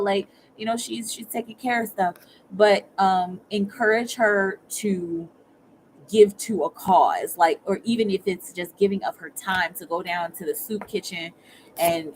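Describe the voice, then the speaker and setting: A chatty woman gives a casual livestream tarot reading. She talks at a middling pitch, stumbles and repeats her words, and keeps checking in with her viewers. A faint hiss sits under her voice. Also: poor audio. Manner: halting, often repeats and restarts words. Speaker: tarot reader.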